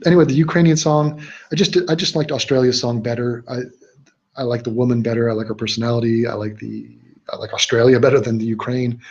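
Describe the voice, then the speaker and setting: A man's voice: medium pitch, slightly rough. A man hosting a casual livestream, reading viewer questions and answering in a blunt, opinionated, rambling way. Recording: dull lo-fi livestream audio.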